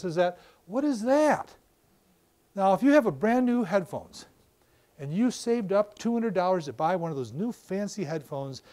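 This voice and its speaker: Older male lecturer, high voice, lively storyteller who acts out everyday examples. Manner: animated storytelling with acted-out examples. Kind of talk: professional lecture. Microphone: battery-powered wireless mic.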